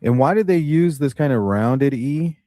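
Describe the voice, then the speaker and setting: A man's voice: medium pitch, animated, normal speed, mellow, no echo, studio quality. A man chatting casually on a stream, musing and tentative as he thinks aloud. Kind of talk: casual analytical chat.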